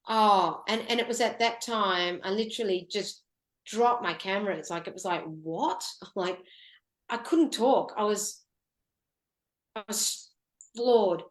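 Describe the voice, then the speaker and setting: Woman, emotional storyteller, halting speech, radio interview guest, echoey room. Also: mid-range voice. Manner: halting, emotional, many restarts. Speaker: guest, photographer.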